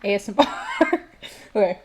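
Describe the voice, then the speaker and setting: A woman's voice: moderate pace, background noise. Giggly young woman streamer chatting. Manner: giggly, emotional and chatty, talking to chat. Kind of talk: casual chat with stream viewers.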